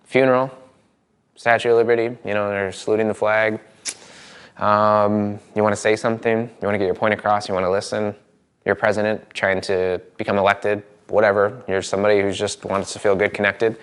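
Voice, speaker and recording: Energetic man teaching a live seminar. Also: fairly low pitch, clean tone. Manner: energetic, demonstrative, talks to the room with quick asides. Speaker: NLP trainer. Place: seminar room with an audience.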